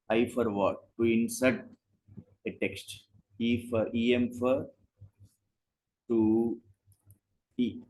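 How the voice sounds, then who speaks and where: This man teaches coding live online, moving in small steps and asking questions he doesn't expect answered. The video call audio is poor, and his lowish voice sounds a little mellow.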